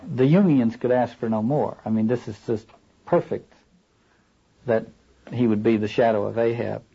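A man lecturing on a novel in a thoughtful, halting way, often stopping to read passages aloud, on a dull lo-fi recording. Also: mid-range voice, fairly even intonation, gravelly, dark tone, slightly rough. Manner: thoughtful, halting, rereads quoted lines aloud. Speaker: literature lecturer.

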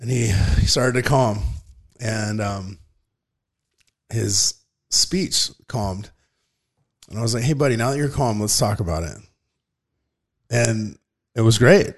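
A man's voice: fairly low pitch, slow pace, long pauses. A man in his thirties, a father co-hosting a podcast, talking earnestly and rambling with frequent restarts. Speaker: podcast co-host. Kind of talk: casual podcast chat.

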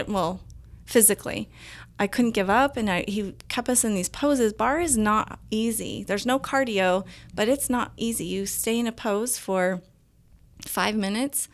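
A woman guest casually telling a personal story, acting out the dialogue she quotes. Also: mid-range voice. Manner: animated, acts out quoted dialogue. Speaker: interview guest.

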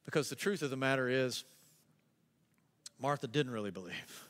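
A man preaching a sermon as pastor, animated, acting out the people in his story in a raised voice. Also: normal speed. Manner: animated preaching, acts out quotes in a higher voice. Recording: long reverb of a large hall.

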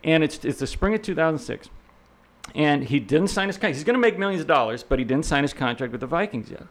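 A man's voice: a little high, animated, fast. A middle-aged man, a real estate instructor, telling rambling anecdotes as an interview guest, full of fillers and restarts, acting out the people he quotes. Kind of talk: casual storytelling in an interview.

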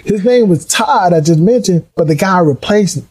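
A middle-aged man telling his career story in a casual, animated way, acting out the voices of people he quotes. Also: high voice, normal speed, husky, rough recording. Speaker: guest.

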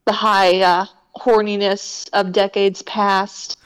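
A woman's voice: medium pitch, flat delivery, takes it slowly, smooth, poor audio. A woman co-hosting a podcast in casual chat, with a wry, sardonic, opinionated way of talking. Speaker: podcast co-host.

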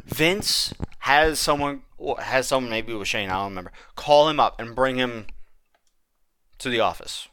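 A man co-hosting a podcast, telling a long story in a casual, animated way with frequent restarts. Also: medium pitch, moderate pace, clean tone, no room sound. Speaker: podcast co-host.

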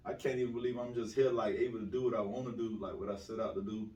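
A man's voice: on the low side, little pitch movement, fast talker, warm tone, lo-fi sound. A young man from South Florida, a guest telling stories in a slangy, swaggering casual interview. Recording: roomy, distant mic with faint ambience.

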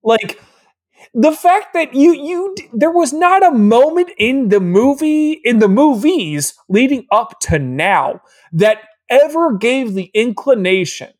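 A man co-hosting a podcast, mocking a movie in casual, animated chat. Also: extremely high pitch, takes it slowly. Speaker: podcast co-host.

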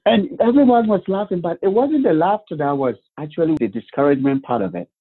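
A man telling his life story as a guest, animated, with rhetorical questions and acted-out quotes. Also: high voice, fast talker, husky. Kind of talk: personal storytelling. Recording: phone-like narrow band.

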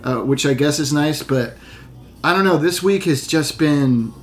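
A man with a slightly high voice talks on a video call, open and self-deprecating about his low mood. He trips over his words and restarts sentences often, in a loose, candid chat. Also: animated, unhurried. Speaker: actor. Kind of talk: casual chat.

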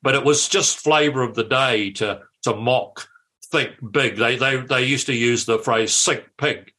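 An older man, a former politician telling anecdotes in a lively way, with frequent restarts. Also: medium pitch, unhurried. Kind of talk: anecdotal storytelling.

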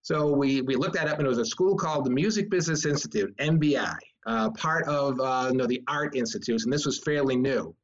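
A man from the US East Coast, a guest on a podcast, telling stories in a rambling, halting way with many restarts. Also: mid-range voice, dull audio, a little hiss or hum. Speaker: guest, filmmaker and author. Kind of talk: casual interview chat.

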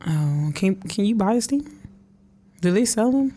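A woman hosting a podcast in casual chat, animated and quick to laugh. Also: mid-range voice. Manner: chatty, animated, laughs easily. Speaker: podcast host.

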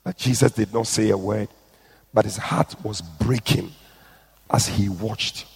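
A man preaches with urgent, pleading force, and his voice is husky with a gravelly edge. It rings out with a long reverb, as if recorded in a large hall. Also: on the low side, a little slow, darkish tone. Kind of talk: sermon with read-out testimony. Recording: echoey hall.

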